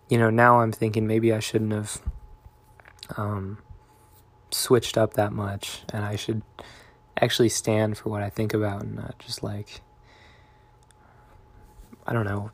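Low, flat-voiced young man musing. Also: slow pace, pauses often, husky. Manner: reflective, meandering, soft-spoken. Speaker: vlogger. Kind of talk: confessional diary vlog.

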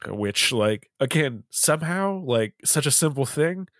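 A man's voice: mid-range voice, expressive, measured pace, a bit bright, no echo. A man chatting casually on a podcast, rambling and tossing in fillers. His voice sits in an ordinary middle range. The sound is close and dry, with no room around it. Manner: rambling, lots of "like" and laughs. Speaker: podcast host. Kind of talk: casual chat.

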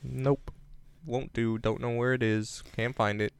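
A man co-hosting a podcast in casual chat, rambling with jokey deadpan asides. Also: mid-range voice, measured pace, creaky, clean tone, no echo. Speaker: podcast co-host. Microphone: remote recording on separate devices.

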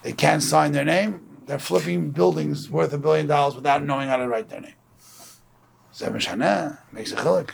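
A Torah class teacher from Brooklyn, New York, gives an informal lecture, telling stories conversationally and acting out the voices of the people he quotes. His voice sits on the high side and is creaky, at a normal speed, with a little hiss or hum in the recording.

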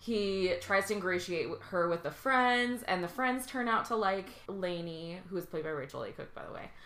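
A woman tells the story of a movie in loose, joking podcast chat, her speech full of asides and casual swearing. Her voice is a little low but bright and forward. The room adds a clear echo around her. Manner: animated, profane storytelling with quick asides. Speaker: podcast guest.

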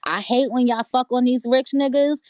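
A woman's voice: high voice, moderate pace, no room sound, dull audio. A woman co-hosting a podcast, blunt and profane as she lectures in casual banter. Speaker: podcast co-host.

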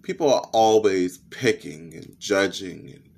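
Young man with a lisp, podcast host, candid personal monologue, profane and expressive, lowish voice. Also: measured pace, gravelly, husky.

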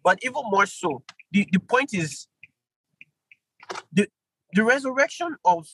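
High, bright-voiced man teaching scripture. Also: husky, no room sound, poor audio. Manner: animated, with sudden pitch jumps for emphasis; quick apologetic asides. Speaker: Bible study teacher. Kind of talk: live online Bible study teaching.

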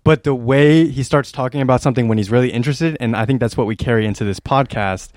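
A man's voice: medium pitch, fast, darkish tone, dry recording, clean studio sound. A young man co-hosting a podcast, talking earnestly and rambling with many restarts. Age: young adult. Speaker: podcast co-host. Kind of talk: casual chat.

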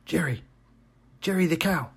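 A woman playing an exasperated farm owner who scolds a cow with slow, drawn-out lines. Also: deep voice, noisy background. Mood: scolding.

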